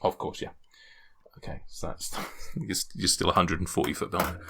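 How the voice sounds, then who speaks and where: A man with a deep, forceful voice runs a tabletop game as its game master. He narrates loosely and hesitantly, stopping often to restart a phrase. The sound is bright and a little tense. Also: normal speed, gravelly, breathy edge. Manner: relaxed, hesitant, with many ums and restarts.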